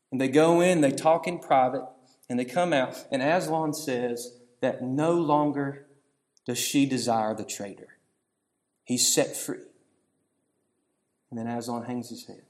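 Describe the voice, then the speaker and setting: A man, preaching a storytelling sermon that swings between hushed passages and shouting. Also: mid-range voice.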